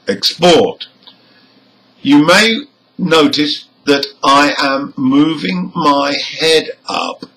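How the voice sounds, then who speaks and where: A man teaching English pronunciation, slowly listing numbered example words and modeling each one clearly. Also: medium pitch, bright, forceful tone, low-quality recording. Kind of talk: slow, deliberate teaching delivery.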